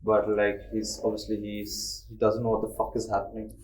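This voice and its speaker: A man's voice: fairly low pitch, completely flat delivery, moderate pace, a little mellow, a little hiss or hum, low-quality recording. A young man, casually telling a ghost story on a podcast and swearing freely. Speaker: podcast host.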